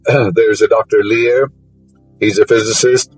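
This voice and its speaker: A man's voice: fairly low pitch, little pitch movement, measured pace, faint music behind, poor audio. A man giving a spiritual lecture, full of fillers, whose voice rises sharply on key words. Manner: rambling, fillers, rising emphasis on key words.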